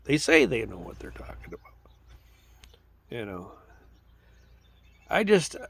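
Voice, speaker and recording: A man's voice: medium pitch, vocal fry, fairly bright tone, slightly rough. A man delivering a casual, indignant political rant, often repeating "you know" as a filler. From United States. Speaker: political commentator.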